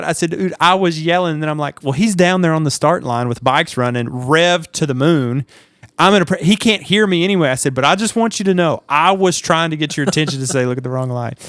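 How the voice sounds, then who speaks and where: A man co-hosting a podcast, telling stories in a lively, animated way and acting out the people in them. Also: on the high side, smooth, dry recording, studio quality. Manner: animated storyteller, acts out shouts and quotes. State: sleep deprived. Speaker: podcast co-host. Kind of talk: casual chat.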